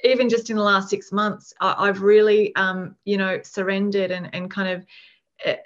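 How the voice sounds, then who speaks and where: A woman's voice: medium pitch, level tone, moderate pace. Reflective woman podcast host. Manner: rambling, reflective, many fillers and restarts. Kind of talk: casual conversation. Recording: dull lo-fi sound.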